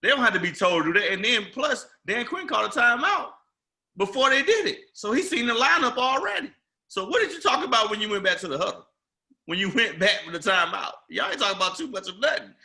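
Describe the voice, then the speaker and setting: Guy hosting a sports chat, going off in long rambling rants, really bright edgy voice. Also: high-pitched, animated, fast talker. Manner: emphatic, rambling rant. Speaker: podcast host. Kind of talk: casual sports talk.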